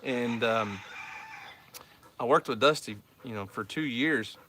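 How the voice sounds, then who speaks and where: A man's voice: mid-range voice, slow pace, bright, forceful tone, a little hiss or hum. An Oklahoman man from South Central Oklahoma, the host of a homestead channel, chatting casually and telling a rambling story as he answers viewer questions. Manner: rambling storyteller, repeats words.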